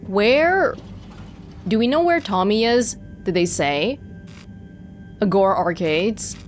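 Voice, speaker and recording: A woman's voice: medium pitch, expressive, slow, soft background music. A woman giving casual, amused commentary while playing a game. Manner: chatty, amused asides. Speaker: let's play gamer.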